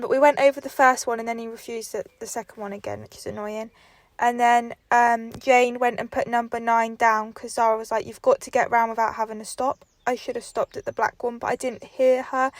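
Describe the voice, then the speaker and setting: A woman's voice: fairly high pitch, no echo. A young woman chatting to camera about her horse, casual and self-mocking, walking outdoors. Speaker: horse rider vlogger.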